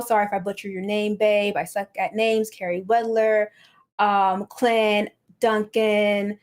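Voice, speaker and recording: A woman's voice: medium pitch, little pitch movement, a little slow, a little mellow. Woman on a podcast, cussing a lot, blunt rant, casual. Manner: profane, blunt, ranting. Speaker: podcast guest. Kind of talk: casual chat.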